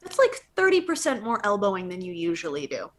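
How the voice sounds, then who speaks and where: A woman's voice: medium pitch, huge pitch swings, a little fast. A woman playing a tabletop role-playing game, tossing in wry, offhand asides. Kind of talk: casual in-character banter.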